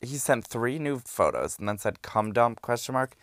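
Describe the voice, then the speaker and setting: A young man hosting a podcast, reading out messages in a low-key, dry deadpan with sassy asides. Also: normal speed, no room sound. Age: young adult. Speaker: podcast host. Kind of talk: candid reading of hookup-app messages.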